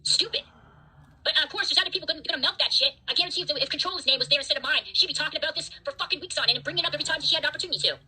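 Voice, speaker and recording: A woman's voice: sits high, rapid-fire, hardly any pauses, pushed and bright, rough recording. A woman hosting a livestream, ranting at her chat in an angry, profane, defiant way. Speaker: livestream host.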